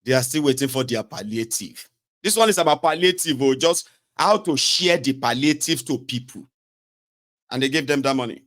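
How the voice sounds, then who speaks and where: A Nigerian man rambles through casual political commentary, his pitch rising and falling freely. He mocks and scolds as he goes, slipping between English and pidgin. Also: animated, normal speed, a bit bright. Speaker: commentary host.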